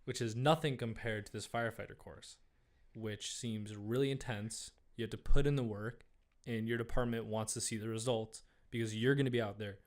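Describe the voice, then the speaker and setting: A young man, a podcast co-host who is taking college classes, reacting with quick interjections and then offering reflective comments in casual chat. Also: fairly low pitch, steady tone. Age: young adult.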